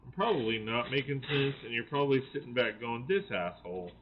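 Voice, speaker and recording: A chatty American man hosts a casual live stream, rambling through his thoughts with constant restarts and fillers. His voice sits at an ordinary middle pitch. The audio is a little dull and lo-fi. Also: steady tone, quick pace, a little hiss or hum. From United States. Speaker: channel host.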